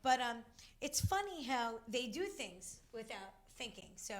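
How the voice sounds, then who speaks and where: A middle-aged woman co-hosting a casual talk show, telling a family story in an animated way. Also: a little high, unhurried. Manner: animated storytelling, acts out voices. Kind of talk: casual chat.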